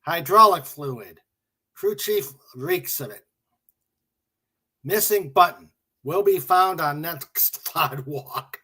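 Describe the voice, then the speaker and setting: A man's voice: a little high, slow, pauses often, pushed and bright, husky. A man hosting a casual stream, reading memes and jokes aloud, chuckling and muttering to himself. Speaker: livestream host.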